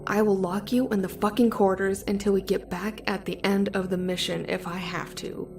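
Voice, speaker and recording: A woman's voice: mid-range voice, little pitch movement, normal speed, music in the background, natural voice. A woman voicing a stubborn male spaceship crewman who curses bluntly and defies his captain. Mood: defiant. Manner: blunt, cursing, defiant.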